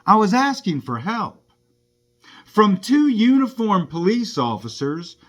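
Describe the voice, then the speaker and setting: A man's voice: sits high, very animated, slow. A man who drives for a rideshare service, giving an indignant first-person account of a run-in with police. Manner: indignant, aggrieved storytelling.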